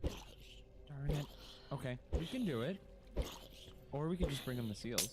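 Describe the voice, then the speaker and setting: A man's voice: medium pitch, expressive, unhurried. A man playing a tabletop game, adding short teasing remarks. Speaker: player. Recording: loud background noise.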